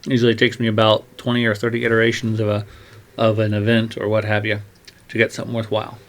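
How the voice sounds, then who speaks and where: A man with a fairly low, monotone voice talks fast as he thinks aloud during writing. He meanders, mutters to himself and trails off in a rambling monologue. He speaks into a gloved mic while a keyboard clicks behind him.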